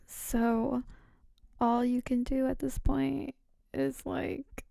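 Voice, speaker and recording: Brief: giggly rambling woman, whispered role-play, a bit high and warm. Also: flat delivery, very slow, creaky, dry recording, clean studio sound. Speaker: storyteller.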